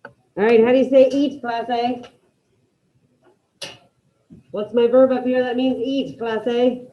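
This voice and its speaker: A woman with a fairly high voice runs an online class over a video call, brisk and encouraging. The sound comes through a dull, lo-fi computer mic. She keeps calling out students by name as she checks their work. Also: steady tone, a little hiss or hum. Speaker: Spanish teacher.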